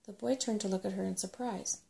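A woman reads a storybook aloud in a soft-spoken ASMR manner. Her delivery is gentle and unhurried. A light gravelly texture runs through her voice. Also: mid-range voice, steady tone.

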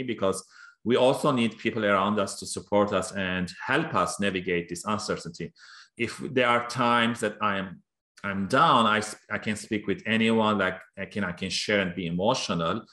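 A man hosting an interview, asking questions and warmly affirming his guest with short replies. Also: lowish voice, roomy sound. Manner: warm, affirming, many short yeahs. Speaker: host. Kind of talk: interview conversation.

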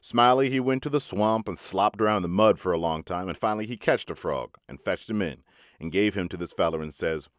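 Low-voiced man reading a folksy tale. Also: no echo, clean studio sound. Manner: folksy, unhurried storytelling in rustic dialect. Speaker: audiobook reader. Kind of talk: storytelling reading.

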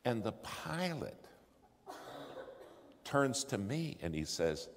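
A man telling a story in a sermon, acting out the dialogue and swinging from hushed asides to loud exclamations. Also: medium pitch, very animated, slow pace, long pauses, slight background noise. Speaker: preacher telling a testimony. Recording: long hall reverb, faint ambience.

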